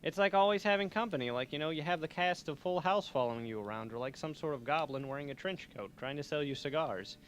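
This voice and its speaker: A young man rambles through a college radio show, joking at his own expense as he goes. His voice sits a little high for a man. A faint hiss of background noise hangs under the studio mic. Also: fast talker, few pauses. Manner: joking, rambling, self-mocking. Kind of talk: rambling comedic radio chat.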